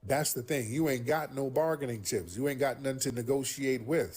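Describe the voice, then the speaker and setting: Guy running a call-in stream, husky voice, blunt and swears a lot. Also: mid-range voice, normal speed. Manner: blunt, profane, animated. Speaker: livestream host. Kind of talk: casual call-in livestream commentary.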